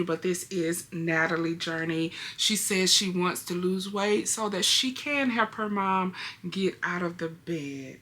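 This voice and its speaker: A woman's voice: on the low side, measured pace, sharp tone. A young adult woman hosting a reaction video, chatting casually to her viewers and laughing often.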